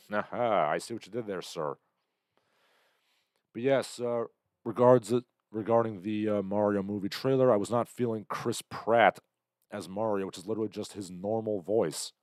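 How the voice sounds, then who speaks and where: Sardonic male streamer, low pitch, dry close sound, rambling chat-reading host. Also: fairly even intonation, moderate pace, dry recording. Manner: rambling, sardonic, bursts into loud impressions. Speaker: livestream host. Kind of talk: casual commentary reading chat comments.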